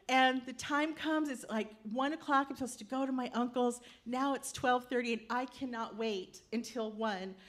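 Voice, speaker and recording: A woman telling a true personal story on stage, lively and animated, acting out the voices of her family. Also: sits high, normal speed, few pauses. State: tearful while telling.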